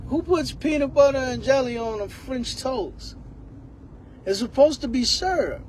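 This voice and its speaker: A man's voice: very high voice, lively intonation, slow, pauses often, slight background noise. A man giving a rambling comedic monologue, laughing often.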